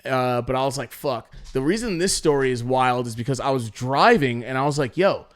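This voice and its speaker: A man's voice: medium pitch, a little fast. A young man hosting a podcast, telling stories in a rambling, profane way, with many restarts and acted-out quotes. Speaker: podcast host. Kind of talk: casual storytelling chat.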